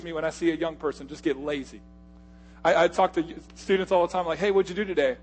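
A male pastor preaching a sermon, swinging from loud, punchy lines to hushed, quiet asides. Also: fairly high pitch, fairly even intonation, fast, a little hiss or hum.

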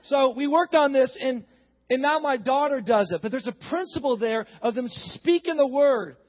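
A man preaching a sermon as pastor, emphatic and building to shouts. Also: very high voice, moderate pace. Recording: dull, long-reverb hall sound.

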